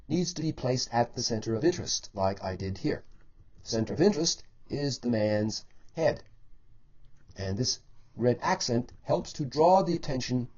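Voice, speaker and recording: Male art teacher demonstrating painting, measured and explanatory, middle pitch, slightly dull lo-fi recording. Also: a little mellow. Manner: measured, explanatory, stretches key words for emphasis. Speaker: painting instructor. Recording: dull lo-fi voice-over.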